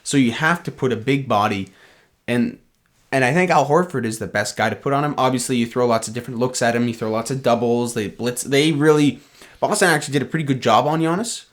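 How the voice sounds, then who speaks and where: A man's voice: mid-range voice, quick pace. A man co-hosting a casual sports podcast, giving blunt, opinionated basketball analysis. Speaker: podcast co-host.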